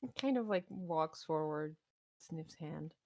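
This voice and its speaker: A woman's voice: low voice, animated, slow pace, dark tone, dry recording, clean studio sound. A woman game master narrating a tabletop game in an easygoing, casual way.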